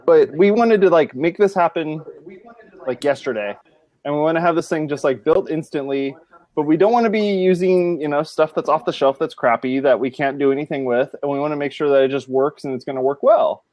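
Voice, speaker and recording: Man, podcast host, slightly high voice, relaxed filler-heavy chatter. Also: brisk, no room sound. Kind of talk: casual panel chat.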